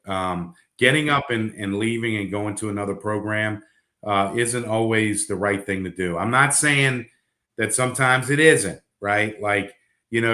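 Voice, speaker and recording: A man's voice: lowish voice, sharp tone, echoey room. A middle-aged man, a coach, talking bluntly in casual podcast chat, rambling with fillers and restarts. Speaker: basketball coach.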